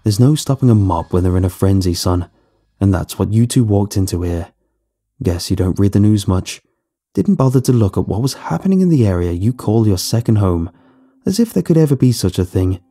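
A sly small-town doctor, put on by a male narrator, talks in a calm, mocking tone that carries quiet menace. His voice is low, very dark and mellow, with a husky edge, and soft music plays underneath. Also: a little fast, exaggerated voice. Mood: cold, mocking. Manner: calm, mocking, matter-of-fact.

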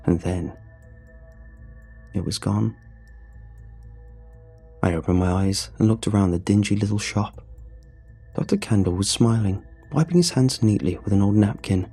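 A man giving a measured, somber first-person horror story narration. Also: fairly low pitch, creaky, mellow, breathy edge. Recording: faint music bed under voice.

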